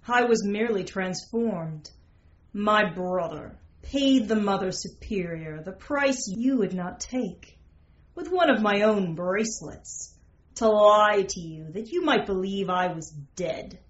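A woman voicing a proud young man, a shapeshifter, who speaks calmly and reassuringly. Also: mid-range voice, slow, roomy sound, muffled recording.

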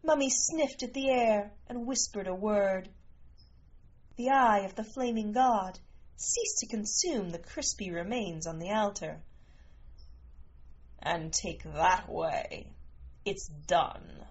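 Woman narrator, unhurried storybook reading, slightly muffled lo-fi sound. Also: medium pitch, a little mellow. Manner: slow, measured reading. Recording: muffled lo-fi recording.

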